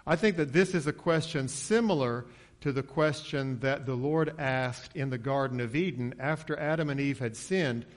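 A man preaching an expository sermon in a conversational way, acting out the quoted lines in a lifted voice. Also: moderate pace. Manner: conversational, acts out quotes with raised pitch.

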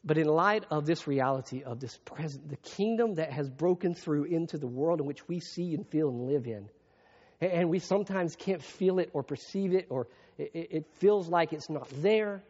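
A man preaching a sermon as pastor, moving between hushed, reflective passages and raised, emphatic preaching. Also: a little high, moderate pace, husky. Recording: muffled long-reverb hall sound.

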